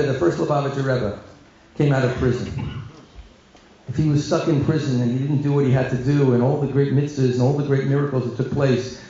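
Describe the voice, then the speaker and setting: A middle-aged man, a rabbi, telling a humorous story to an audience in a chatty, joking way with quick asides. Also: fairly high pitch, warm tone. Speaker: rabbi giving a guest talk. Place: large echoey room at a community event. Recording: echoey hall, dull lo-fi sound.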